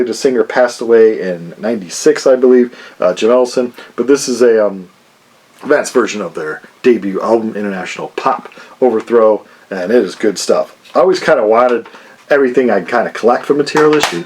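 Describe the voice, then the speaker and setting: Lively rambling man showing off records. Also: mid-range voice. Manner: rambling and jokey, many fillers. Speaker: vinyl and CD collector, channel host. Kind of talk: casual chat showing a record haul.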